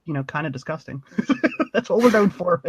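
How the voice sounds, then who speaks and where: A man's voice: fairly high pitch, animated, normal speed, husky, dry recording. A man from Pittsburgh, a podcast guest in casual chat, chatty, laughing often and restarting his sentences.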